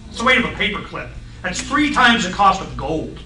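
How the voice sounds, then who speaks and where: A middle-aged man on a radio talk show, explaining science in a blunt, folksy, excitable way and acting out voices in his stories. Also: very high voice, a little fast, few pauses, reverberant, far from the mic, a little hiss or hum, low-quality recording.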